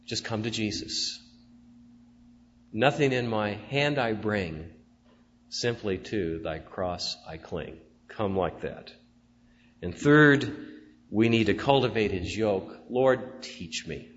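A man preaching a sermon as pastor, rising to loud emphatic declarations and dropping to soft prayerful tones. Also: fairly low pitch, expressive, takes it slowly. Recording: dull sound with long church reverb and faint hum.

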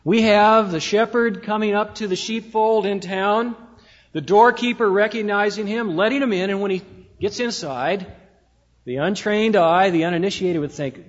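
A man preaching a sermon in a church, measured and slowing down to stress key words. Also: high voice. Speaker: pastor. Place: church sanctuary. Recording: dull lo-fi sound with long hall reverb.

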